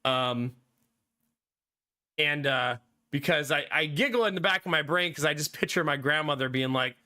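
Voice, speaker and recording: A man's voice: on the high side, moderate pace, bright, forceful tone. A man in his thirties streaming a game and chatting casually with viewers, laughing often and swearing freely. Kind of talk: casual chat reading live chat.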